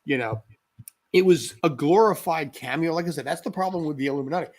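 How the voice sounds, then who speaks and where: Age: 40s. Sex: man. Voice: husky, higher-pitched. Style: rambling casual chat. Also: quick pace, a little mellow. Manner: rambling, self-interrupting, sarcastic. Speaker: podcast co-host.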